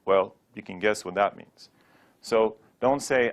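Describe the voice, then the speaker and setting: A man giving a Sanskrit pronunciation lesson, drilling words slowly and repeating them, with playful rhetorical questions. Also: lowish voice, creaky. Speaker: Sanskrit teacher.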